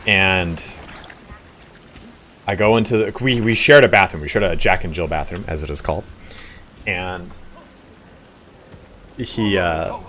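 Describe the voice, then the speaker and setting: While streaming a game, a young man tells a crude story in casual chat, acting out the voices with animation. His voice is low and he takes it slowly, with long pauses, over slight background noise.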